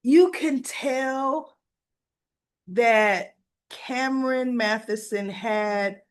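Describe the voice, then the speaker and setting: A woman's voice: on the high side, very slow, clear, resonant tone. A woman hosting a soap opera recap channel, talking casually and colloquially, acting out the characters' lines as she retells the scenes. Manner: chatty, colloquial, acts out the dialogue.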